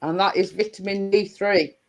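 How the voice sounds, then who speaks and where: A woman hosts a casual livestream, rambling to her viewers with plenty of fillers and restarts. Her mid-range voice holds a steady tone at a moderate pace, though the recording is rough.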